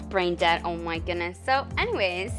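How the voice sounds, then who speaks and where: A woman co-hosting a radio show in casual banter, giggly and earnest, speaking warmly to her listeners. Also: on the low side, expressive, a little slow, faint music behind. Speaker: radio co-host.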